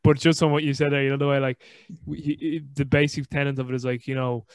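Man, podcast host, casual chat, smooth resonant tone, fairly flat delivery, dry close sound, rambling storyteller. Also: medium pitch, fast, no echo. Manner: rambling, restarts often, animated storytelling.

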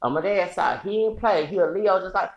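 Hosting a solo podcast, a man launches into a heated, profane, rambling rant broken by bursts of laughter. His voice is high-pitched and gravelly, a little fast, with the highs cut off in the recording.

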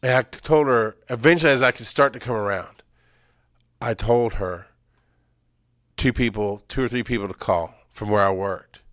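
A man telling an emotional personal story, swinging from loud, urgent emphasis to hushed, halting recall. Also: medium pitch, no room sound, clean studio sound. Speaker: speaker sharing personal story.

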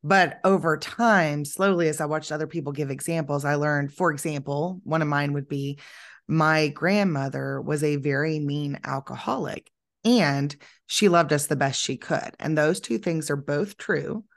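A woman with a very low voice hosts a podcast interview. She speaks earnestly and encourages her guest, sometimes stretching her words out slowly. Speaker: podcast host.

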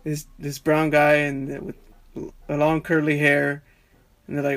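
A young man from Texas, a barber guest on a podcast, chatting in a relaxed, rambling way with many restarts. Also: fairly high pitch, measured pace, creaky, dry recording. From Texas, USA. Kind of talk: casual conversation.

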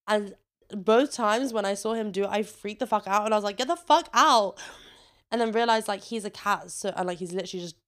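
A young woman hosting a casual solo podcast, chatty and sweary, laughing often and getting animated when she rants. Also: mid-range voice, fast, clean tone. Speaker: podcast host.

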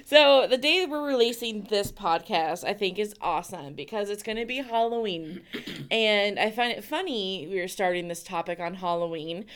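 A woman's voice: mid-range voice, lively intonation, normal speed, a bit bright. A woman hosting a faith podcast, chatting in a playful, giggly way. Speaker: podcast host. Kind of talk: casual podcast chat.

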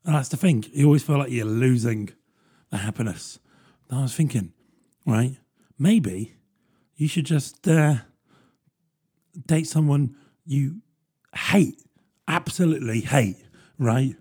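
A man's voice: medium pitch, measured pace, long pauses, a little mellow, slightly rough. A man, rambling through a casual solo podcast with plenty of fillers and self-deprecating asides. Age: 30s. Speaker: podcast host.

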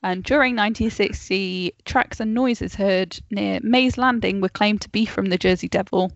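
A woman's voice: mid-range voice, normal speed, creaky, no room sound. Woman, podcast co-host, reading notes, casual, dry close sound, dull video-call audio. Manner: reads facts, laughs off interruptions. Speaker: podcast co-host telling the story.

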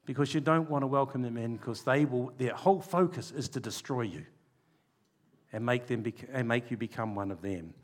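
A man preaching a sermon, stressing key words by slowing down and dropping low and quiet for asides.

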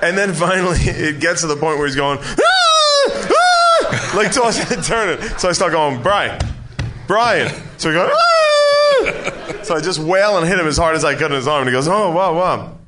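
A man's voice: on the high side, quick pace, hardly any pauses, heavy background noise. A man telling a rowdy story in casual chat, laughing as he goes.

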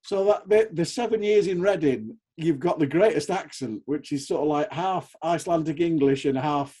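A man's voice: on the high side, normal speed, warm tone. A man interviewing a footballer, asking friendly, teasing questions. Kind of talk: casual interview.

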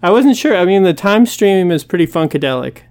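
A woman's voice: on the low side, lively intonation, a little fast, darkish tone, no room sound, clean studio sound. A woman co-hosting a podcast, wry and joking in casual chat. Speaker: podcast co-host.

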